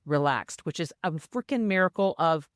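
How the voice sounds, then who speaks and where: A low-voiced older woman, co-host of a podcast, talks at normal speed as she tells a personal anecdote and animatedly mimics the people she quotes. There's no room sound in the recording.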